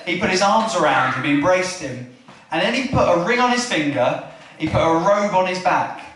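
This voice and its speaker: A man's voice: high voice, moderate pace, slight background noise. A man preaching a chatty family church sermon, often asking the room questions and acting out the story lines. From England. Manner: chatty, asks the room questions, animated retelling. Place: church hall. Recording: echoey hall from far off.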